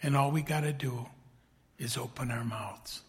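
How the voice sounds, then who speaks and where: Slow preacher in a reverberant hall. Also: male voice, medium pitch. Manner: slow, swells loud then drops to a hushed whisper. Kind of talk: sermon reading scripture.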